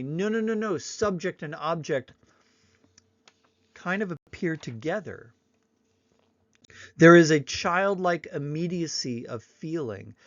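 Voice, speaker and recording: A man giving a recorded slideshow lecture, unhurried and explanatory, sometimes acting out examples in little voices. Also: fairly high pitch, dry recording, highs cut off.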